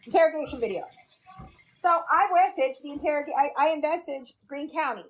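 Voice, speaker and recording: A woman's voice: sits high, normal speed. A woman ranting profanely on a home livestream, moving around her kitchen and calling out to people in the house. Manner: profane, ranting, scattered, talks to viewers. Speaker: livestream host. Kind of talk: casual livestream rant.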